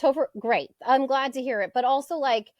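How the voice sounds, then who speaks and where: A high-pitched woman in her forties holds forth in a casual podcast chat, blunt and full of profanity. Her voice sits close and dry in the recording, with no room around it. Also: brisk, dry recording. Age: 40s. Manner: blunt, profane, animated rants. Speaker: co-host.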